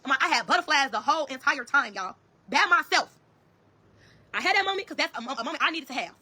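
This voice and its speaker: On a phone livestream, a woman narrates her own experience in a high-pitched, bright, forceful voice, animated and quick. She curses, stresses her points hard and keeps addressing her viewers as "y'all."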